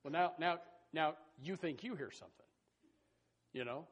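A man preaching a sermon in a folksy, animated way, with sudden loud bursts and asides to the congregation. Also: on the high side, normal speed, breathy edge. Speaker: pastor.

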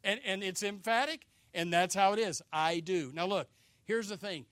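Folksy older preacher man, higher voice. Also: normal speed, dry recording. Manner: folksy and joking, swinging between loud emphasis and hushed asides. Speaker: pastor. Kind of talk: sermon.

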